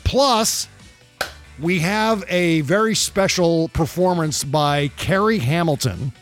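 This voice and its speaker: A man co-hosting a political podcast in casual chat, talking loosely with profanity and quick laughs. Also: fairly high pitch, faint music behind. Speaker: podcast co-host.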